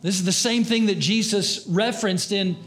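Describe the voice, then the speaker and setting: Older guy preaching, high voice, goes from raised to hushed, quiet guitar behind. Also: moderate pace. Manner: impassioned preaching, rising and dropping to hushed tones. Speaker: pastor. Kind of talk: sermon.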